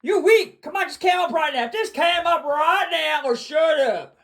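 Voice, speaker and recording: A man hosting a livestream, ranting boastfully and repeating himself, often bursting into shouts. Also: extremely high pitch, unhurried. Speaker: livestream host.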